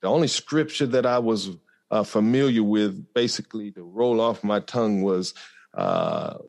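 A man speaking as a podcast guest, telling a personal story in an earnest, reflective way with frequent pauses and fillers. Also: on the low side, very animated, vocal fry, darkish tone. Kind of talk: conversational storytelling.

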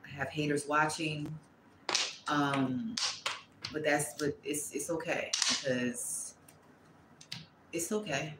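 A woman reading tarot to camera, blunt and profane, breaking into loud exclamations and dropping to quieter asides. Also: low-pitched, steady tone, unhurried, long pauses, reverberant, very noisy. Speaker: tarot reader.

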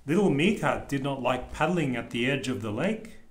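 A father reading a picture book aloud to his small child, gently pointing out what is on each page. His voice sits at a middling pitch, and the room around him is echoey. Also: lively intonation, normal speed.

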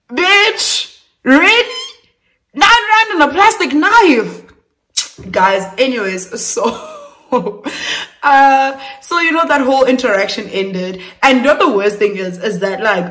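Young woman, South African accent, casual storytime vlog, animated, laughing, swears, mid pitch. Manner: animated, laughing, swears, keeps addressing viewers. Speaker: beauty vlogger.

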